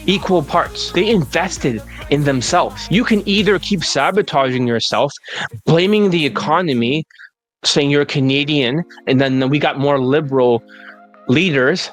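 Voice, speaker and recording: A male dating coach giving an assertive sales pitch as he answers viewer questions, and at times building into a rant. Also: moderate pace, faint music behind.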